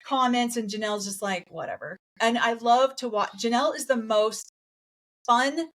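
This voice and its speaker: A woman's voice: a little high, moderate pace. Chatty woman recapping a TV show. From raised in a polygamist group in the US West. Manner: chatty, animated, acts out quotes in other voices. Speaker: podcast co-host. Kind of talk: casual reaction chat.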